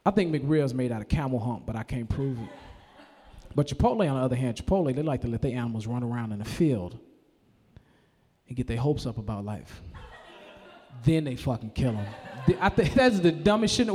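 A man doing a stand-up comedy set, profane and animated, now and then shouting in character voices. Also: medium pitch, a little fast, long reverb tail, a little hiss or hum. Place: live comedy venue.

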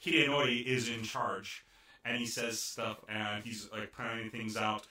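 A man's voice: fairly low pitch, little pitch movement, unhurried, pushed and bright. A young man casually and animatedly recapping an anime episode, laughing and telling it like a story. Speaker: podcast co-host. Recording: roomy echo, far from mic.

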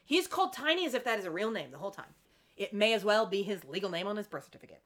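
Her voice sits at medium pitch but she talks very fast, recapping an episode in easygoing podcast chat as a co-host. She's spirited and plays out the characters' lines in quotes.

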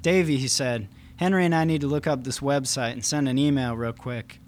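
A man's voice: mid-range voice, a little fast, lightly acted. A man reading as an eager teenage brother. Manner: enthusiastic, persuasive.

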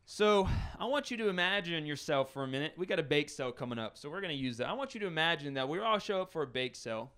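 A man's voice: a little high, expressive, fast, few pauses, a bit bright, clean tone. Man, pastor, conversational sermon, builds intensity.

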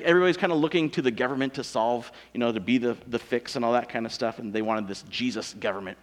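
A man's voice: on the high side, a bit bright, big-room sound. A man in his thirties preaching a sermon in a casual, joking, self-deprecating manner. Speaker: pastor.

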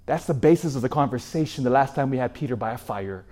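A man preaching a sermon in an animated way, asking his listeners rhetorical questions. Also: mid-range voice, fast talker.

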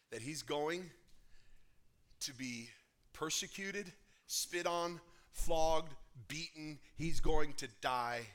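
A male pastor reading scripture aloud and preaching, with dramatic, emphatic rises in voice. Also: mid-range voice. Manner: reads scripture dramatically, voicing the crowd's shouts loudly.

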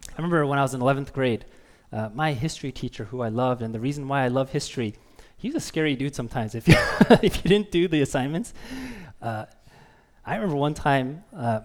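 A man preaching a sermon as pastor, talking conversationally with the congregation and asking them questions, and reading scripture slowly with emphasis. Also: medium pitch. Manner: conversational, asks the listeners questions.

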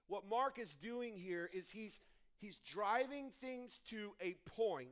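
A young man delivers a sermon in a fairly high voice. He talks in an animated storytelling way, often restarting his sentences. His energy rises and falls as he builds toward his point. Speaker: pastor.

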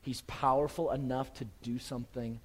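A man preaching a sermon as pastor, swinging from urgent, raised emphasis to quiet, soft reassurance. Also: medium pitch, level tone, moderate pace, slightly rough, big-room sound, low-quality recording.

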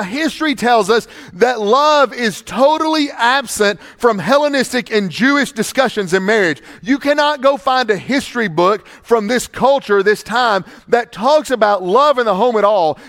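A man's voice: very high voice, a bit bright. A male pastor preaching a sermon emphatically, with repeated rhetorical questions, in a church sanctuary with long reverb.

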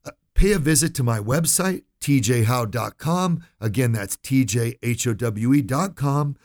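A man's voice: medium pitch, expressive, normal speed, darkish tone. A man hosting a financial radio talk show, speaking directly to listeners in a folksy, emphatic way and often checking in with "right?" and "okay?".

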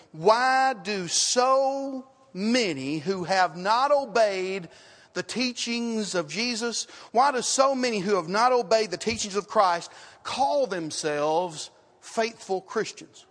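High-voiced man preaching in an echoing hall. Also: lively intonation, slow pace. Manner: emphatic, repeats phrases, asks rhetorical questions, swings from loud to hushed. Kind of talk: sermon. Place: church sanctuary.

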